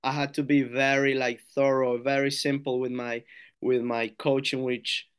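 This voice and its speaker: A man's voice: mid-range voice, little pitch movement, normal speed, clear, resonant tone. Man with a colombian spanish accent. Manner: earnest, many restarts and repeated words, acts out his own coaching cues. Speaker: strength coach, podcast guest. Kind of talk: casual podcast interview.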